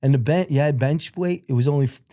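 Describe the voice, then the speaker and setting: A man with an American accent telling his life story in a casual interview, blunt and profane, growing animated when he quotes other people. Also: fairly high pitch, fast, no echo, studio quality.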